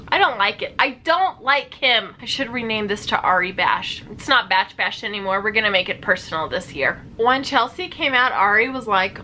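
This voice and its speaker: A young woman giving animated, sarcastic reaction commentary as a vlogger. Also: mid-range voice, normal speed, hardly any pauses, slight background noise. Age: young adult.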